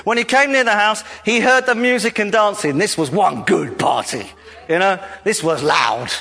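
A male preacher giving a jokey, animated sermon in a church hall. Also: high-pitched, normal speed, gravelly. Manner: animated, jokey, laughs often. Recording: reverberant hall.

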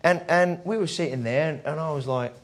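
Man preaching, chatty storytelling, slightly high voice. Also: a little fast. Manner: conversational storytelling, acts out quoted voices. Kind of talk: sermon.

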